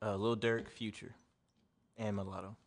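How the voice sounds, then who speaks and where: A man's voice: lowish voice, flat delivery, normal speed. A young man co-hosting a casual podcast chat, blunt and profane, rambling through his thoughts. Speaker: podcast co-host.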